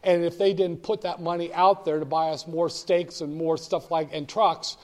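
An older man with a fairly high voice tells stories to an audience. His delivery is animated and emphatic, with a wry edge, and he sometimes gets the crowd to repeat words back to him. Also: moderate pace. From northern United States. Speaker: speaker addressing an audience. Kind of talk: storytelling talk.

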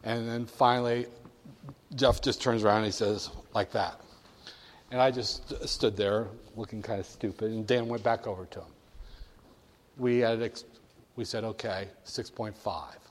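An older man with a lowish voice wryly tells a candid anecdote at a moderate pace, steady in tone with long pauses, briefly acting out the voices of people in the story. Long hall reverb surrounds him.

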